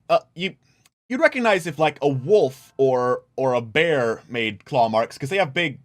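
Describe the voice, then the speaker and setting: Brief: man as game master, halting and filler-heavy, animated and a little high. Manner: hesitant, filler-heavy narration. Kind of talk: narrating a tabletop game.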